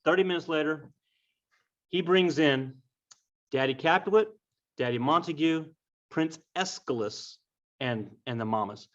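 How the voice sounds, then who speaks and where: A man's voice: fairly high pitch, a little slow, long pauses. Wry man retelling a story casually. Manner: wry, offhand asides. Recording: dull lo-fi recording.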